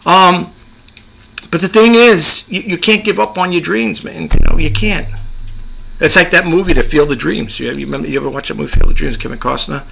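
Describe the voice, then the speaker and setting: Middle-aged male vlogger with a New York accent, rambling and repetitive, slightly high and gravelly. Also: a little fast, pushed and bright, a little hiss or hum. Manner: rambling, chatty, repeats himself. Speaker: YouTube creator. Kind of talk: casual advice monologue.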